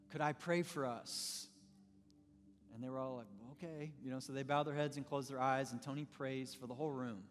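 A man preaching a sermon, telling a story with lively storytelling and shifts in pace. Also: mid-range voice, big-room sound, a little hiss or hum.

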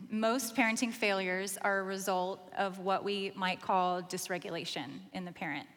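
A woman in her forties, a mother of teenagers, explaining parenting ideas in a measured, earnest way. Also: medium pitch, sharp tone, in a large hall. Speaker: podcast co-host, mother. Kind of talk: calm reflective explanation.

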